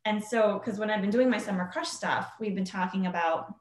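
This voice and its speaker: A woman telling a story casually to a group, acting out what people said in a higher voice. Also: a little fast, reverberant, rough recording. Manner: chatty, acts out quoted speech in a higher voice. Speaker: team member sharing a story.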